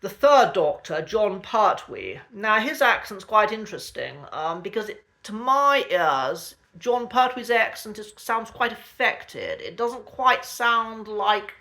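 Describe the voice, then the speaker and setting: A man's voice: high-pitched, bright, forceful tone. A man, an accent coach, talking casually and thoughtfully through an educational topic.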